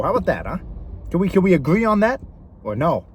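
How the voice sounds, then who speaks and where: A man's voice: sits high, big pitch swings, fast, long pauses, slight background noise. A young man delivering a blunt, profane comedic rant straight to camera, firing off mocking rhetorical questions. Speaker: vlogger.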